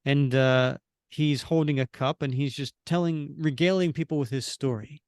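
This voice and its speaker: A man co-hosting a podcast, recapping a comic panel by panel in casual chat and acting out the characters' lines with animated bursts. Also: fairly high pitch, moderate pace, clean tone, no room sound, clean studio sound. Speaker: podcast co-host.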